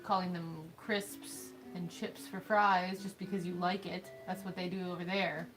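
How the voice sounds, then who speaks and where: A woman's voice: lowish voice, little pitch movement, measured pace, low-quality recording. A woman co-hosting a casual livestream, teasing her partner and laughing often. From United States. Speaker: livestream co-host. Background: faint game music.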